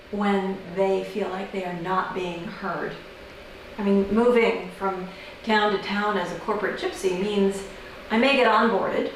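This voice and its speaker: An American woman doing an observational comedy monologue, wry and deadpan, with sudden high-pitched incredulous outbursts. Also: slight background noise. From United States. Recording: very echoey room, mic at a distance.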